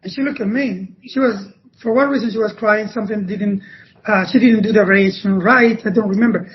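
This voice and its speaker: A Spanish-speaking man from Cuba with a Cuban Spanish accent, a podcast guest telling stories in a halting way that often restarts phrases. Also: sits high, slight background noise. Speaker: podcast guest, former ballet dancer. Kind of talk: conversational interview storytelling. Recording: dull lo-fi podcast audio.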